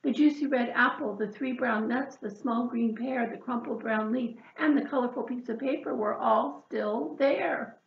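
A woman, a children's librarian, reading a picture book aloud slowly and expressively at a preschool storytime. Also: on the high side, vocal fry. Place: library room. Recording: echoey room, dull lo-fi sound.

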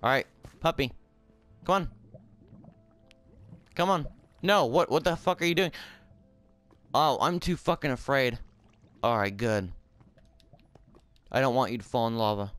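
A man giving casual gameplay commentary, swearing and shouting in frustration, then talking softly to his in-game pet. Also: medium pitch, measured pace, long pauses, clear, resonant tone, faint music behind.

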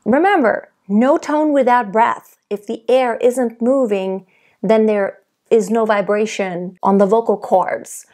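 Soft-spoken, higher-pitched woman vocal coach. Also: slow. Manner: calm, explanatory teacher who demonstrates by singing. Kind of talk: singing lesson.

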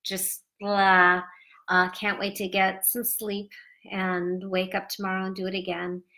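Woman travel vlogger, tired and sleepy, bright tone, rambling with lots of fillers. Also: medium pitch, completely flat delivery, a little slow. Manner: chatty, rambling, with many fillers. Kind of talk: casual travel vlog.

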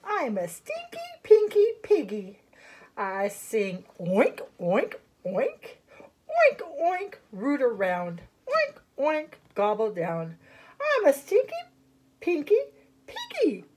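A woman's voice: fairly high pitch, huge pitch swings, slow, a little mellow, breathy edge, full character voice. A woman voicing a stinky greedy piggy in a sung children's storybook, oinking and grunting. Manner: grunting oinks, swoops up and down.

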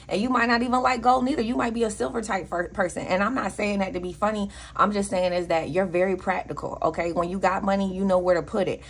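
A woman's voice: medium pitch, slightly rough. A woman with a Southern US accent giving a casual tarot reading, blunt and profane, with preachy asides. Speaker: tarot reader.

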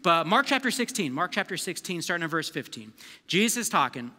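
A man preaching a live sermon as a youth pastor, energetic and conversational, calling on the crowd to answer back. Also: fairly high pitch, brisk. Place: church service hall. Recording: long reverb of a large hall.

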